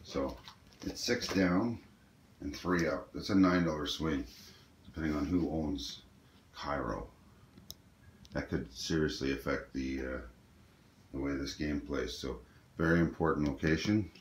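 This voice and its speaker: A man's voice: extremely low pitch, a little slow, long pauses. A man casually talking through his moves in a tabletop strategy game, explaining as he goes with plenty of ums and uhs. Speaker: board game player. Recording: echoey room with faint noise.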